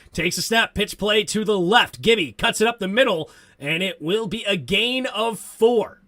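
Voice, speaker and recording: Bright-voiced, excitable male sports streamer. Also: sits high, moderate pace, hardly any pauses. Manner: excitable, reads chat comments aloud. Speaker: host of a sports talk stream. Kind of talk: live play-by-play and fan commentary.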